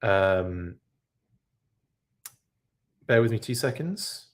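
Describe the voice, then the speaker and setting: A man with a fairly low, lively voice hosts a live podcast, speaking extremely slowly. He reacts to the news in a casual, rambling, chatty way and keeps correcting himself.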